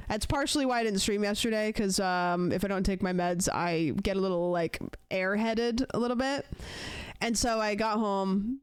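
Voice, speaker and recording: A young woman streams from a dry, close-miked space, her voice smooth and clear. She rambles through a story for her chat, casual and animated, putting on quick voices for the people she quotes. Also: medium pitch, no room sound. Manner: chatty, animated retelling with acted-out quotes.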